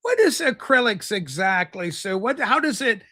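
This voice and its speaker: Livestream host, male, high and bright voice, rambling jokey chatter with viewers. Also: sing-song, moderate pace. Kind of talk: casual livestream chat reading viewer comments.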